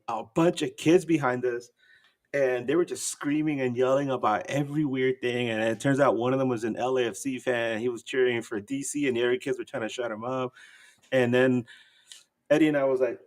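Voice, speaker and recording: A man co-hosting a podcast about a football team, talking in a loose, rambling way. He tells his stories with energy and lifts his voice sharply when he acts out what other people said. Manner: animated storyteller, acts out quotes in a high voice. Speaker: podcast co-host. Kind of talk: casual chat.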